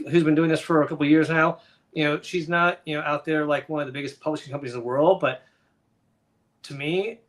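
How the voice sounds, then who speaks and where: A middle-aged man, a children's book author and guest on a live show, telling stories in a lively way and acting out the voices of the people in them. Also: a little high. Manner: animated, acts out the voices of others in his stories. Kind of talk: conversational interview storytelling.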